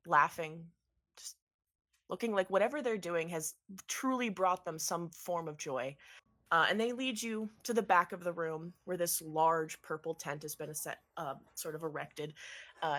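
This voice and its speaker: A woman's voice: on the low side, a bit bright. A woman narrating as game master in a tabletop game, with many ums as she meanders through descriptions.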